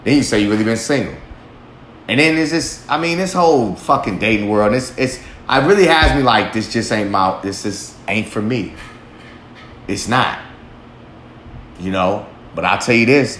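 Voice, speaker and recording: A man's voice: mid-range voice, fairly bright tone. Guy ranting on his podcast, swearing nonstop, kinda rambling, roomy echo and a faint hum behind. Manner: blunt, profane, rambling. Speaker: podcast host. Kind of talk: profane monologue. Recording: echoey room, faint background hum.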